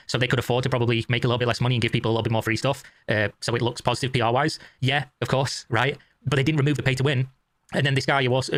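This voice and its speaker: Rapid-fire argumentative man. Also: mid-range voice, fairly bright tone, dry recording. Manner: argumentative, emphatic, profane. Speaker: commentator in a reacted-to video. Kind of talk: opinionated commentary.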